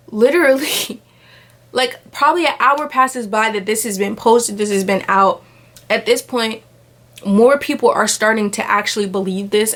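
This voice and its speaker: A young adult woman vlogger telling a personal story in casual chat, often saying "like" and acting out what others said. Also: medium pitch. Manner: animated retelling, acts out quoted voices, filler "like" often.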